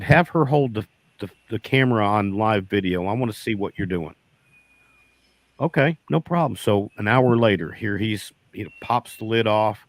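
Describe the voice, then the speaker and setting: A man's voice: fairly low pitch, no echo. A man telling a folksy story as a beekeeper guest, often quoting himself with "I said". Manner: folksy, repeats "I said" in quoted dialogue. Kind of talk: casual storytelling.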